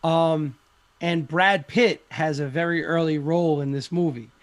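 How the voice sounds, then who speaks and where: A man's voice: fairly high pitch, steady tone, a little slow, no room sound. A man chatting casually on a podcast, rambling with lots of fillers and frequent swearing. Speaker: podcast participant.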